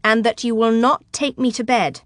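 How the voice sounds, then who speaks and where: A woman's voice: on the high side, measured pace, a bit bright, dry recording, clean studio sound. A woman voicing a proud young bride who speaks firmly and defiantly in an audiobook. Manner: firm and defiant. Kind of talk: audiobook character voice.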